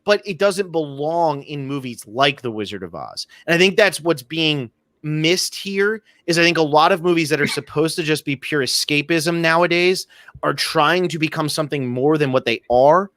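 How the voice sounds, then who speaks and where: A man's voice: a little high, animated, normal speed, a bit bright, dry recording, clean studio sound. A man co-hosting a podcast, giving his opinions on films in a casual, ranting way. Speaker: podcast co-host. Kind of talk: casual film discussion.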